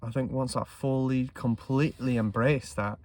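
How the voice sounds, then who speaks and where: A man vlogging about trading in an intense monologue, swearing freely and swinging between loud emphasis and hushed talk. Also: medium pitch, steady tone, normal speed, dry recording.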